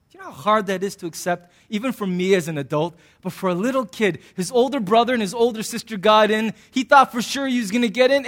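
A middle-aged man preaches with a light, high voice. He keeps things animated and jokey, slipping into little acted-out voices as he goes. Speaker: pastor. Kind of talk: sermon.

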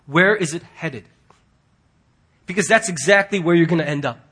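A man preaching a sermon in an earnest, husky voice that sits high for a man. He presses hard on key words, then drops to a hush. His talk is that of a pastor before his church. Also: moderate pace. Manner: earnest, swings from loud emphasis to hushed quiet.

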